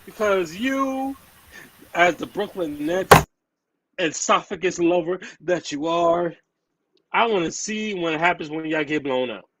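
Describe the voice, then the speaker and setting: A man, trash-talking in heated sports banter on a podcast. His voice sits somewhat high. He hammers points home by repeating himself. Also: animated, measured pace, fairly bright tone, slight background noise, poor audio. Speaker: podcast co-host.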